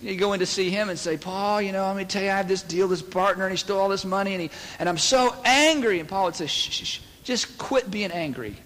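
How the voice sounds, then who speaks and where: A man's voice: sits high, fast talker, few pauses, fairly bright tone, long reverb tail. A man preaching a sermon to a church congregation in a conversational way, acting out the voices of the people he quotes. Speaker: pastor. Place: church sanctuary.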